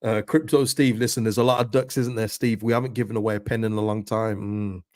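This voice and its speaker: A man hosting a live football watchalong stream, reacting excitedly to the match and answering viewers' chat messages. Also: on the low side, fast, no room sound, clean studio sound. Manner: excitable, pleading, chatty with viewers.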